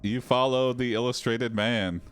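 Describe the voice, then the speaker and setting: Soft music plays behind a male host and game player who jokes and laughs his way through reacting to an AI story on a live stream. His voice is medium-pitched, clear and resonant, with a steady tone and unhurried delivery.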